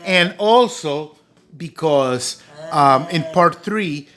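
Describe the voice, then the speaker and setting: A man's voice: a little high, lively intonation, extremely slow, a bit bright. A man vlogging to a phone, telling a personal story in an earnest, rambling way full of fillers. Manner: earnest, rambling, heavy with "you know" and "um". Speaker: doll collector vlogger.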